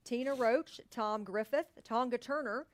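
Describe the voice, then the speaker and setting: A woman's voice: on the high side, measured pace. A woman co-hosting a live company sales meeting from a studio, reading long lists of names in a casual, upbeat way and cheering people on.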